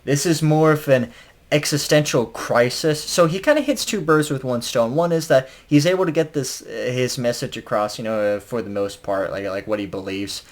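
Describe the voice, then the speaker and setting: A man talks through an album review in an easygoing, unscripted way. He trips over his words, fills gaps with "uh" and "like", and lets out a chuckle now and then. His voice sits at an ordinary, mid-range pitch. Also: moderate pace. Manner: rambling, many fillers and restarts; chuckles while talking. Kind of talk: casual spoken review.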